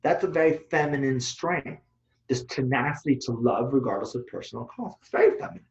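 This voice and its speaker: A man co-hosting a casual discussion, talking bluntly and swearing freely as he rants. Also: mid-range voice. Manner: blunt, profane, animated ranting. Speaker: co-host, Taoist teacher. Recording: echoey room, dull lo-fi sound.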